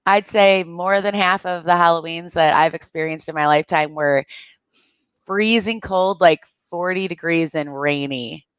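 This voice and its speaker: Low-pitched chatty woman, dry lo-fi sound. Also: unhurried, clear, resonant tone, no room sound. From Michigan. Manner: chatty, laughs often while telling stories. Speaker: channel host. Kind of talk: casual chat.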